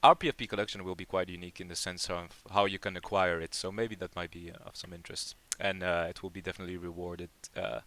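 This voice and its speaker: A man's voice: deep voice, flat delivery, fast talker, few pauses, bright, forceful tone. A man hosting a live community Q&A, chatting casually and rambling with lots of fillers and restarts. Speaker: project lead hosting a community AMA.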